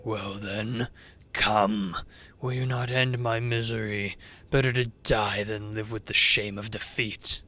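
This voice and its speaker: A streamer voicing a proud, bitter ancient dragon in slow, grave, archaic speech. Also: medium pitch, fairly even intonation, sharp tone, voice pushed down. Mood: grave scorn.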